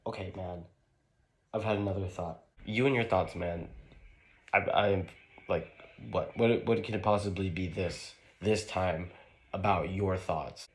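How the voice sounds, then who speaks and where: A man's voice: low voice, fairly even intonation. A man playing a pair of young college bros in a skit, trading slangy banter full of "bro" and "man.". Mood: joking banter. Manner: laid-back, drawn-out "bro" and "man" slang.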